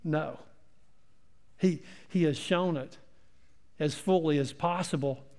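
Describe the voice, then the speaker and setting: Middle-aged male pastor, high voice, emphatic sermon delivery, reverberant hall. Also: a little mellow. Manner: emphatic preaching with rhetorical questions and dramatic pauses.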